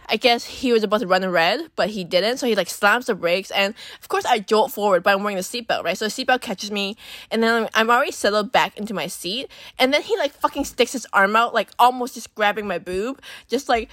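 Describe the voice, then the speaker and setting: A young woman, telling a dating story on her podcast in a casual, animated, profane way and acting out the voices she quotes. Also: a little high, a little fast, no echo, studio quality. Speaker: podcast host.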